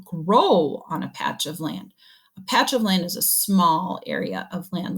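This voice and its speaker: A woman teaching young children to read, slowly sounding out words and praising them. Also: medium pitch. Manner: slow, encouraging, sounding words out. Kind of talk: early reading lesson for young children.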